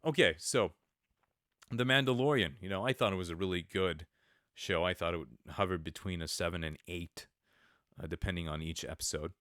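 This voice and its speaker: Brief: male podcast host, very low smooth voice, rambling sarcastic commentary. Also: brisk, a bit bright, no echo, clean studio sound. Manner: rambling, many fillers, sarcastic asides. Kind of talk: casual commentary monologue.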